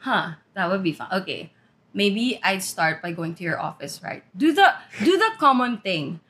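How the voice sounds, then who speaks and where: A woman's voice: mid-range voice, big pitch swings, normal speed, fairly bright tone. A woman co-hosting a podcast in casual chat, playful and mischievous as she spins ideas. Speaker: podcast co-host.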